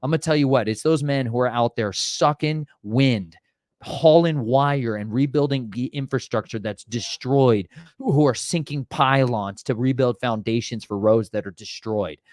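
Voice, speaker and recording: A man with a Southern American accent recounts events in loose, casual talk, slipping into voices for the people he met. He turns preachy at times, sounding fervent about faith. The sound is dry and close, with his voice sitting at a plain middle pitch. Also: normal speed, dry recording. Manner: animated, acts out his own and others' voices in retold dialogue; preachy, mixes religious exhortation into talk. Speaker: vlogger sharing storm preparedness experiences. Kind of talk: casual storytelling chat.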